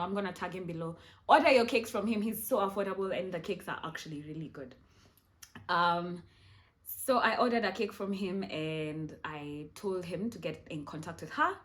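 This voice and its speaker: A young Kenyan woman in her twenties, chatting casually as she tells a story to her vlog audience and slipping into Swahili now and then. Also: on the low side. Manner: chatty, animated, mixes in Swahili. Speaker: vlogger.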